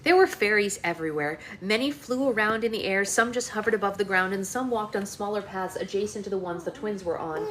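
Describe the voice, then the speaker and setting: A woman hosting a live book club, reading a novel aloud at home in a lively, expressive way. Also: mid-range voice, a little fast, few pauses, reverberant, a little hiss or hum.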